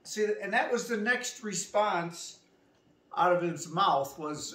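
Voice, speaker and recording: A woman's voice: fairly low pitch, expressive, slow, fairly bright tone. A woman telling a restaurant story in a casual vlog, acting out both sides of the conversation herself. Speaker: vlogger. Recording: echoey room, voice from a distance.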